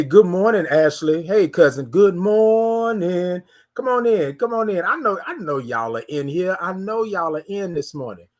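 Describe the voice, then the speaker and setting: Chatty man hosting a morning livestream. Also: fairly high pitch. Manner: chatty, greets viewers by name, repeats phrases. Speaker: livestream host. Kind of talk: casual morning livestream chat.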